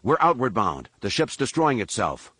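A man's voice: mid-range voice, very animated, normal speed, bright, forceful tone, husky, no room sound, exaggerated voice. A man voicing a confident young male Jedi in an audiobook. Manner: cool, self-assured.

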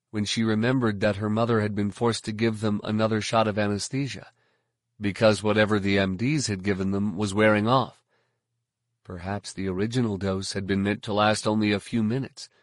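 A man reading scripted audiobook narration in a steady, even storytelling manner. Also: lowish voice, dry recording, studio quality.

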